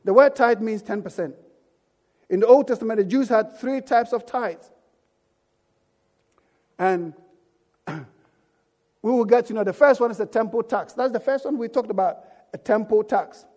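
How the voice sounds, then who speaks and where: A man's voice: high-pitched, measured pace, pauses often, darkish tone. A man preaching a sermon as pastor, emphatic and calling out for amens from the congregation. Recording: echoey church hall.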